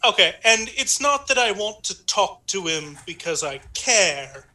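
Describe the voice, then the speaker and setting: A man's voice: high voice, very animated, unhurried, sharp tone. A man playing a tabletop game, speaking sarcastically and swearing freely. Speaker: player.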